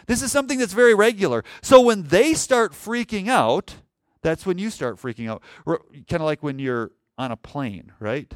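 A pastor delivers an animated sermon, putting rhetorical questions to the congregation and acting out panicked shouts. His voice sits high, at normal speed, with no echo.

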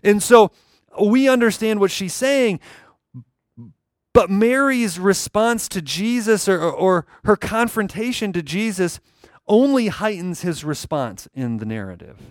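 A man's voice: sits high, lively intonation, unhurried, dry recording, clean studio sound. A man preaching a sermon, emphatic and repeating key phrases for weight. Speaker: pastor.

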